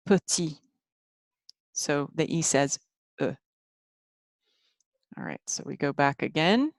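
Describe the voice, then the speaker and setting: A woman's voice: low voice, lively intonation, normal speed, no room sound. A woman teaching French phonics in a patient screen-share lesson, repeating sounds so learners can follow along.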